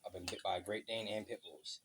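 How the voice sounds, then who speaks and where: A man's voice: lowish voice, fairly even intonation, brisk, noisy background. A man in a casual vlog rant, telling stories bluntly and swearing a lot, outdoors by a road. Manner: profane, blunt, storytelling. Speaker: vlogger.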